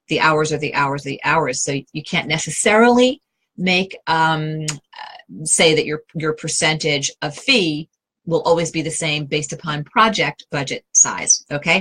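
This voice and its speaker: A middle-aged woman with a New York accent hosts a live question session on interior design. Her voice sits slightly low, and she speaks in a chatty, direct way. She often restarts her sentences and fills pauses with "um". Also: a bit bright, low-quality recording. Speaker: interior design advisor and host. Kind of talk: answering viewer questions live.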